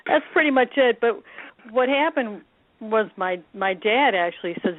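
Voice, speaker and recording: A woman's voice: a little high, lively intonation, moderate pace, no echo. Woman chatting over a tinny line. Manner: laughing, chatty storyteller. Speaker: interview guest, drummer. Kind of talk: casual interview chat. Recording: dry, phone-like line.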